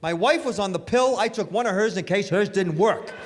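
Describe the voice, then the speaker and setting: A middle-aged man performing a stand-up comedy set with animated, punchy storytelling, recorded live on stage. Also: sits high, a little fast. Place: comedy stage before an audience. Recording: live hall with reverb, faint noise.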